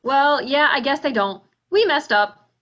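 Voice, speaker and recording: A bright-voiced, smug banker brushes off every complaint in a breezy, dismissive tone, read by a woman. Her voice sits a little high, and it comes through muffled video call audio. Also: lively intonation, measured pace. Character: smug fast-talking woman banker selling bonds.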